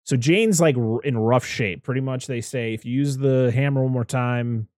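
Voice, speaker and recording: A man's voice: mid-range voice, normal speed, dry recording. Chatty man rambling about movies, dry sound. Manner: rambling, animated, swears casually. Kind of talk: casual movie review chat.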